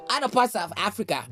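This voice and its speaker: A woman's voice: fairly low pitch, a bit bright. A woman vlogger giving ranting gossip commentary, outspoken and indignant, with frequent exclamations. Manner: outspoken, indignant, exclaims "Lord have mercy".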